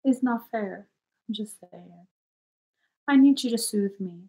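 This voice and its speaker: A woman with a fairly high voice talks slowly and unhurriedly on a casual livestream. She is blunt and frank, swearing freely as she chats with her viewers. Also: dark tone.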